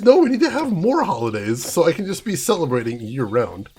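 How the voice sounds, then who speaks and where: A man's voice: a little high, wildly swooping pitch, brisk, a little mellow, breathy edge. A young American man streaming a game, chatting casually and mock-ranting playfully at his chat. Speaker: gaming streamer. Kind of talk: casual gameplay commentary.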